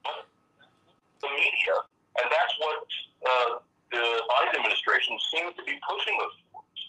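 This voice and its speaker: A man's voice: a little high, huge pitch swings, moderate pace, sharp tone, slightly rough. Emphatic man on a phone line. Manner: earnest, emphatic argument. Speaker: political commentator guest. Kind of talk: talk radio discussion.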